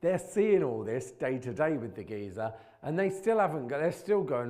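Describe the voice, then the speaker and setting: A man's voice: medium pitch, big pitch swings, moderate pace, hardly any pauses, warm tone. A man giving an informal sermon in a church, chatty and colloquial, poking fun at himself, with bursts of emphasis. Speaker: preacher.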